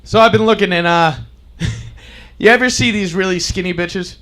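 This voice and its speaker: A man's voice: high voice, moderate pace, fairly bright tone. A man doing a stand-up comedy bit, laughing through his own jokes.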